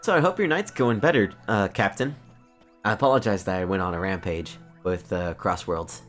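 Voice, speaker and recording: A woman with a very deep voice chatting on a game stream. She makes wry asides in a relaxed, conversational way. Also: moderate pace, faint music behind. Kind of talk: casual game stream commentary.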